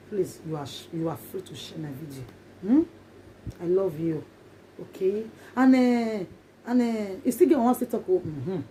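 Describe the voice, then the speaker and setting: With a Nigerian accent, this woman vlogs casually in Pidgin English, stressing her points and repeating them often for her viewers. Her voice is low-ish and mellow, measured in pace with lively intonation, over a little hiss or hum.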